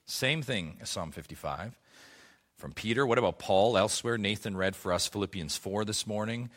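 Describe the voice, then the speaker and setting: Bright-voiced impassioned male preacher. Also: lowish voice, normal speed. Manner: impassioned, building to emphatic peaks. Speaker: pastor. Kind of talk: sermon.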